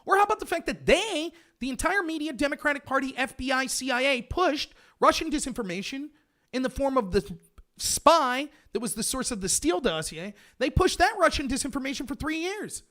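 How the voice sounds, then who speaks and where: Mocking male livestream host from the US, high voice, swings up and down a lot. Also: animated, fairly quick, pushed and bright. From United States. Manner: sarcastic, mocking, ranting. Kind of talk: livestream commentary reading chat.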